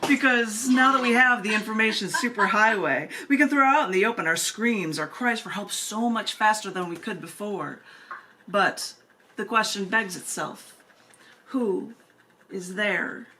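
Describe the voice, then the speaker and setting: A woman's voice: mid-range voice, a little slow, long pauses, a little hiss or hum. A woman hosting an open mic from home over a video call, reading her own poems with chatty, laughing asides. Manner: animated, laughs often between pieces. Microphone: computer mic on a video call.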